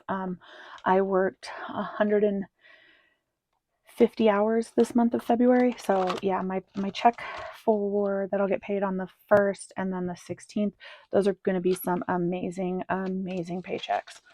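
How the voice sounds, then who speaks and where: A woman's voice: mid-range voice, creaky, warm tone, a little hiss or hum. A woman talking casually through her monthly cash budget, rambling with many ums and counting bills under her breath. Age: adult with children. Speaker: budgeting vlogger. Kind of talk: casual cash-stuffing walkthrough.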